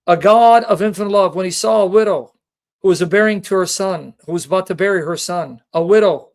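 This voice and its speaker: A man's voice: high voice, fairly quick. A man giving an emotional personal reflection, pleading through rhetorical questions, sounding near tears. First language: Assyrian. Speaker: Christian apologist.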